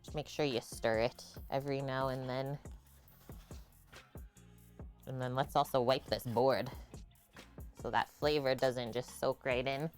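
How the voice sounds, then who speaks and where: A woman's voice: rumbling low, steady tone, unhurried, long pauses, a little mellow, soft background music. A woman hosting a live cooking stream in a home kitchen, chatting casually and explaining each step as she cooks.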